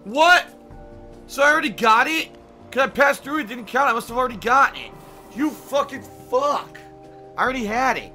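A man shouts and curses his way through a game, his voice high and sharp, swooping up into yelps and dropping low to mutter. He breaks into sing-song teasing now and then. Game music plays faintly behind him. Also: lively intonation, normal speed. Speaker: gaming streamer. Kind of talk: frustrated game commentary.

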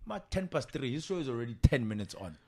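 A man's voice: medium pitch, sing-song, fast, noisy background. A man co-hosting a podcast, chatting and laughing as he recalls old stories. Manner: chatty, laughs while reminiscing. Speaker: podcast co-host. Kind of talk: casual storytelling chat.

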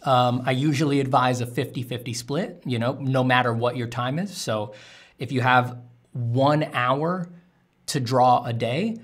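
A man's voice: medium pitch, unhurried. A man, an artist streaming while drawing, answering chat questions in a candid, rambling way with casual swearing.

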